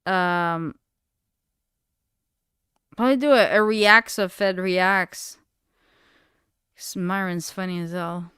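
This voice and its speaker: A woman's voice: medium pitch, sharp tone, clear, resonant tone, no echo. Young woman streamer, rambly and casual, lots of "like", very clean dry sound. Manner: rambling, heavy use of "like", casual swearing. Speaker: live streamer. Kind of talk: casual late-night livestream chat.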